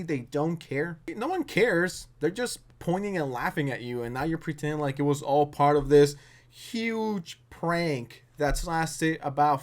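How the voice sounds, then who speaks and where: A man ranting in a sarcastic, mocking tone as a commentary YouTuber. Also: on the high side.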